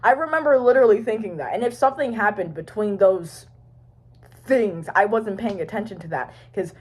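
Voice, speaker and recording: A woman's voice: mid-range voice, a little fast, slightly rough. A woman vlogger talking to her phone camera in a rambling, casual way, swearing and trailing off. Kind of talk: rambling casual fan chat.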